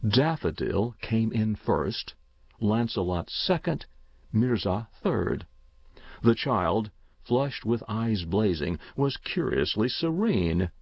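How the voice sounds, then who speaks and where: A man narrating an audiobook in a measured, expressive storytelling manner. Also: on the low side, slightly rough, dry recording. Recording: dull dry lo-fi recording.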